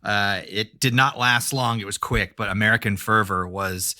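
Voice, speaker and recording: A man co-hosting a casual podcast, friendly and measured. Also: lowish voice, bright, forceful tone, dry recording, clean studio sound. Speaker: podcast co-host. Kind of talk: casual chat.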